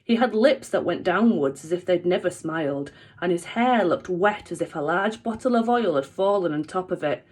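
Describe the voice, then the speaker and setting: A teacher reading a children's book aloud with an expressive, animated delivery. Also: female voice, on the low side, normal speed, hardly any pauses, husky.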